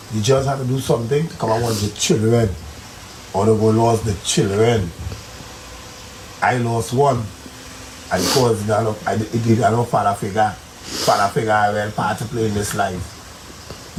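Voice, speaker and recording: A man's voice: medium pitch, reverberant, slight background noise, low-quality recording. A man being interviewed on the street, giving earnest, preachy advice.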